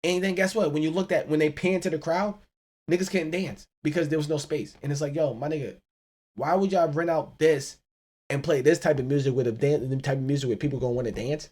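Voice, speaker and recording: A man hosting a solo podcast, ranting in an animated, profane way and laughing often. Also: a little high, fairly quick. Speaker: podcast host.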